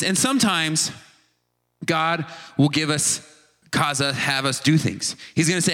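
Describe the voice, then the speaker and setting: A man preaching a casual, animated sermon, acting out short voiced asides as he tells the story. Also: on the high side, a little slow, in a large hall.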